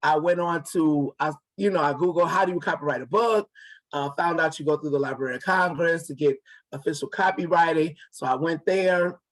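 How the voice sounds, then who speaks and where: A man's voice: fairly high pitch, a little fast. A man in his forties, an author and guest, telling a story casually and acting out the dialogue with many restarts. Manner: acts out quoted dialogue, repeats and restarts words.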